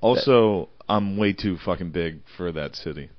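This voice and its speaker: A man's voice: low voice, moderate pace, no echo. A young man with a western Pennsylvania accent, a stand-up comic co-hosting a podcast, laid-back and self-mocking. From northern Pennsylvania. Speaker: podcast co-host, stand-up comedian. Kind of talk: crude casual banter. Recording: dull lo-fi sound, dry.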